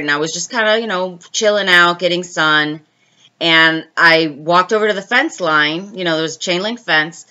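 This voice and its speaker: A woman's voice: low voice, sharp tone, dull audio. A woman hosting a casual live stream, chatting with viewers and telling a personal story. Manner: chatty, answers viewer comments mid-story.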